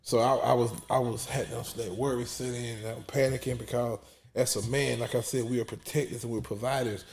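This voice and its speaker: A man's voice: medium pitch, vocal fry, darkish tone. A man, testifying in an emphatic preaching style that repeats words and drops almost to a whisper when emotional. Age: 40s.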